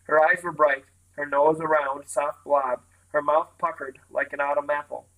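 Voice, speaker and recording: A man reading a novel aloud, his voice pitched a little high. He tells the story at a steady, even pace. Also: moderate pace, poor audio. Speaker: reader.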